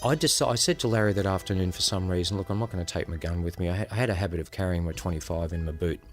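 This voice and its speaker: A man with an Australian accent tells a story in an unhurried, reflective way. His voice sits very low. Soft music plays faintly underneath. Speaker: former undercover police officer, guest. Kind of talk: conversational storytelling.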